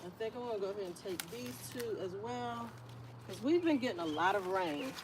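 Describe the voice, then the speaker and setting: A woman's voice: mid-range voice, lively intonation, a little fast, background noise. A woman hosting a casual livestream outdoors in her garden, chatting with viewers by name while she harvests. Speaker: homestead livestreamer.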